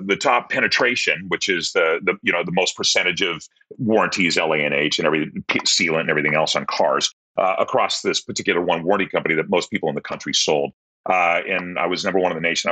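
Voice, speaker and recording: A man in his sixties from the Pacific Northwest spins a long story as a podcast guest. He has a low, husky voice with a sharp, forceful edge, and he acts out the quoted dialogue with real animation. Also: brisk, rough recording. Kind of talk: casual storytelling interview.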